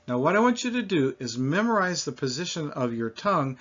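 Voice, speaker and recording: A man teaching French pronunciation, slowly modeling sounds for learners to repeat. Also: fairly high pitch, very animated, a bit bright. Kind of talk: pronunciation lesson. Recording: dull lo-fi recording.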